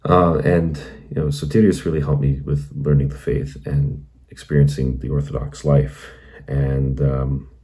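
A man's voice: extremely low pitch, flat delivery, a little slow, mellow. A man hosting his own channel, earnestly telling a meandering personal conversion story, heavy on "you know". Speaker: channel host.

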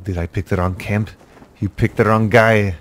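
A man's voice: on the low side, steady tone, normal speed. A man giving casual, jokey commentary over his own gameplay, talking to himself with exasperated outbursts. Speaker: gaming YouTuber.

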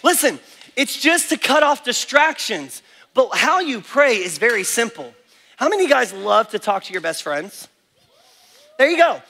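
A man speaking at a kids camp, preaching to children in an animated, energetic way and acting out little prayers. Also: extremely high pitch, moderate pace, vocal fry. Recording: echoey hall with faint music.

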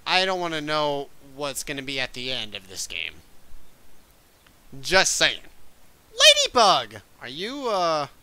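Excitable young man yelling over gameplay. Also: fairly high pitch, unhurried, long pauses, slight background noise. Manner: excitable, swears often, yelps and gasps at scares. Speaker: gaming video creator. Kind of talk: casual gameplay commentary.

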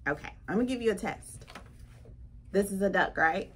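A woman's voice: medium pitch, expressive, moderate pace, slight background noise. A woman leading a children's storytime, playful and talking straight to the kids. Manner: playful, addresses children directly. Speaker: children's librarian. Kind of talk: storytime read-aloud.

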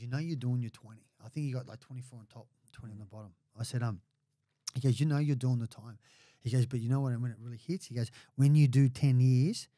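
A man's voice: mid-range voice, gravelly, dry recording, studio quality. A middle-aged Australian man telling stories bluntly in a casual podcast chat, full of swearing and acted-out quotes. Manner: blunt, sweary, animated when quoting others. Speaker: podcast guest.

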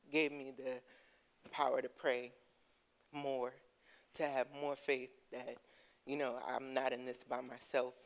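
A woman giving a heartfelt personal testimony to her church, earnest and quick to laugh. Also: very deep voice, low-quality recording. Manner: earnest, laughing, breaks into excited storytelling. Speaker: congregation member giving testimony. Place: church sanctuary.

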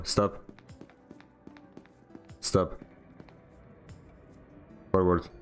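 Young man, low voice, sarcastic streamer, clipped voice commands, faint music behind. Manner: sarcastic, barking short commands. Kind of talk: casual gameplay streaming with voice commands.

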